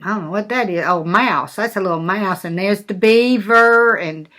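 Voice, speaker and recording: An older woman, a grandmother, reading a storybook aloud to her grandchildren in a gentle, chatty way with asides. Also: mid-range voice. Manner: slow, gentle, chatty with asides and little laughs. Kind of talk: storybook read-aloud to children.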